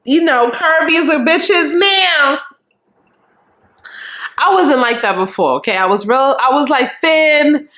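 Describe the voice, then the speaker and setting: A young adult woman vlogger telling a storytime in a frank, animated and profane way, acting out what people said. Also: sits high, measured pace. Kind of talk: casual storytime.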